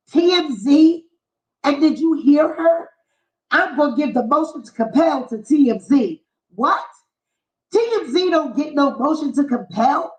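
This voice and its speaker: A woman vlogger delivering a heated, mocking, profanity-filled commentary rant. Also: high voice. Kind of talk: ranting commentary vlog. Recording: echoey, dull lo-fi room sound.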